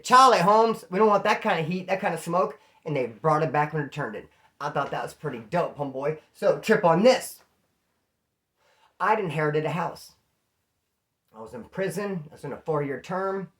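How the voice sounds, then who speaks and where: A man from California telling stories in a casual, animated way, acting out the voices of the people in them. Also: on the high side, moderate pace. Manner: animated, acts out quoted voices. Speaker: storyteller host. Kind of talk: casual storytelling.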